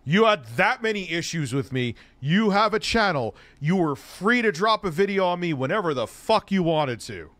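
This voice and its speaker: A man's voice: sits high, very animated, moderate pace, few pauses, fairly bright tone, dry recording. Sarcastic, profane man streamer. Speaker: streamer reacting to a video. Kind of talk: livestream reaction commentary.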